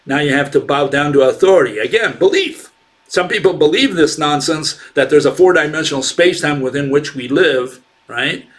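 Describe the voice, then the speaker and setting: A man's voice: fairly high pitch, lively intonation, moderate pace, fairly bright tone. A man giving unscripted commentary as a channel host, scornful and argumentative, firing rhetorical questions with frequent fillers and restarts.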